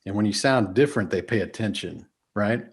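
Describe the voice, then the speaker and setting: Husky Texan man with dynamic delivery. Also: fairly low pitch, brisk. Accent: Texas. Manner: emphatic, shifts speed and volume for effect. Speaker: podcast guest, business speaker. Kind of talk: casual podcast interview.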